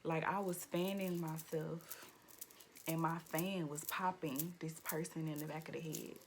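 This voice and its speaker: A young woman in a fairly low voice rants through a story-time vlog, swearing freely and leaning on "like" at every turn. She jumps into high, loud bursts when she quotes people. A faint hiss of noise sits under the recording. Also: unhurried. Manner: profane, animated storytelling with frequent "like" fillers. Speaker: vlogger. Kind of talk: casual story-time rant.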